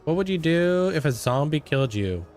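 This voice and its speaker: A man's voice: a little high, very animated, moderate pace, darkish tone, soft background music. A young man livestreaming a game, chatting casually and greeting viewers by name. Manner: laid-back, thanks and greets viewers by name. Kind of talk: casual chat with live viewers while playing.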